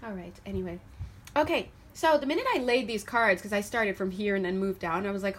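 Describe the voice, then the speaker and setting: Woman tarot reader, chatty and animated, fairly high voice, faint room ambience behind her. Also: normal speed, a little hiss or hum. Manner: chatty, animated, laughs often, swears then apologizes. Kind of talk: casual spiritual tarot reading to camera.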